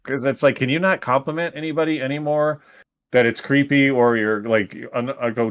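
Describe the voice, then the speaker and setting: A man with an ordinary mid-pitched voice, rambling through casual podcast banter. He leans heavily on fillers like "like" and jokes around. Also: fairly even intonation, brisk, a bit bright. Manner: rambling, filler-heavy, joking. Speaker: streamer co-host.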